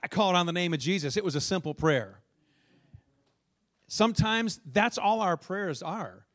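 Male pastor, high voice, lively storytelling sermon with questions to the congregation. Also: normal speed. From northern United States. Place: church.

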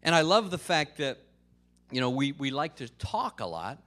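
A pastor preaches a conversational sermon at a moderate pace, peppering it with casual fillers and jokes. His slightly high voice rises and falls in lively, animated swings.

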